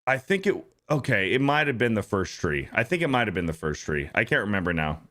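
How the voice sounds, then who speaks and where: A man's voice: fairly low pitch, brisk. A man hosting a podcast, chatting casually and retelling movie scenes with lots of swearing. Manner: animated, profane, retelling scenes with impressions. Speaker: podcast host. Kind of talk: casual chat.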